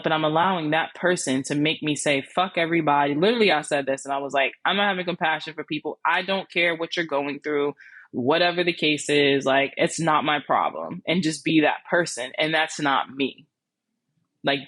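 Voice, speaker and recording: A woman's voice: low voice, no room sound. A woman hosting a podcast, telling a personal story in a candid, blunt, casual way, swearing freely and acting out what people said. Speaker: podcast host.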